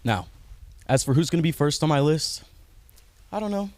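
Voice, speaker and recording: A man's voice: on the high side, expressive, moderate pace, a little mellow, dry recording. A man cutting an in-character wrestling promo as a wrestler, cocky, vain and taunting.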